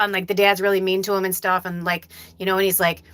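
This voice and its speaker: A woman's voice: mid-range voice, little pitch movement, fairly quick, few pauses, fairly bright tone, no echo. A middle-aged woman hosting a live stream as a medium, talking casually and from the heart, rambling with many fillers.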